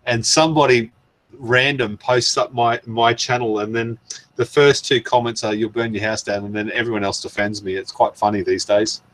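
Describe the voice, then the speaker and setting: A man's voice: medium pitch, steady tone, moderate pace, a bit bright. A man hosting a casual live stream, rambling and chuckling as he goes through viewer comments. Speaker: channel host.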